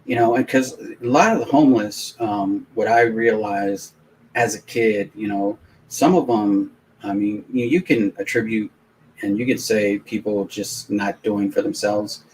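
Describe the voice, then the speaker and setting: A man hosting a live stream, telling a long, rambling anecdote in casual, animated talk with many restarts. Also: fairly low pitch, measured pace, slight background noise, poor audio. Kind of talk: casual storytelling on a live watch-along stream.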